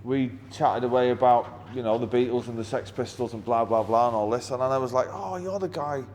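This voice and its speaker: Middle-aged Mancunian musician, blunt and sweary, mid-pitched, recorded with a long reverb tail and faint ambient hiss. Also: male voice, little pitch movement, brisk, darkish tone. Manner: blunt, heavy swearing, wry. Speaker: musician being interviewed. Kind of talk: anecdotal interview storytelling.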